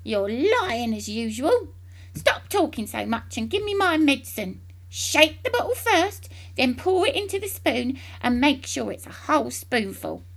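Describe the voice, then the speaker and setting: Woman putting on a bossy old grandma, high, loud, snapping, scolding, storybook reading. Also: sing-song, a little slow, exaggerated voice.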